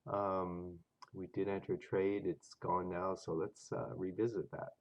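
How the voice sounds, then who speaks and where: A man's voice: low voice, flat delivery, a little slow, low-quality recording. A man with a cold and a stuffed-up voice, walking through trading charts in a casual, hesitant way with many fillers. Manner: thinking aloud with hesitant fillers. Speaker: forex trading video host.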